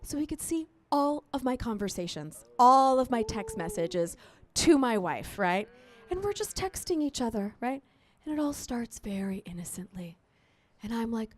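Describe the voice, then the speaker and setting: A woman in her thirties tells a raunchy stand-up story at a live show. Her voice sits high and leaps all over the place as she chats crudely and keeps checking in with the audience. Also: normal speed. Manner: animated, chatty, crude storytelling with frequent "right?" and "you know what I mean?". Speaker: stand-up comedian. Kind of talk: stand-up comedy set. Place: live comedy show at a resort.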